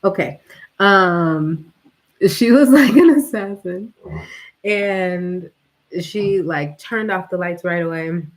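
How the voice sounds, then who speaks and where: Casting: woman vlogger, low-ish voice, unhurried, slangy and laughing storyteller. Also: rough recording. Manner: animated, laughs often, slangy. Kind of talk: casual storytelling monologue.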